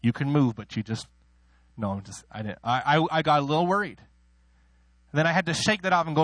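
A man preaching a sermon, emotional in delivery, moving between soft personal asides and loud, soaring declarations, with self-deprecating laughs. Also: a little fast, no room sound. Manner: emotional, swings from soft asides to loud high-pitched exclaiming; laughs at himself between points.

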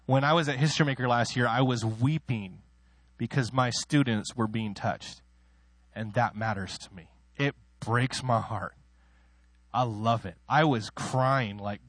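A man preaching a sermon, emotional in delivery, moving between soft personal asides and loud, soaring declarations, with self-deprecating laughs. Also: unhurried, dry recording. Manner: emotional, swings from soft asides to loud high-pitched exclaiming; laughs at himself between points.

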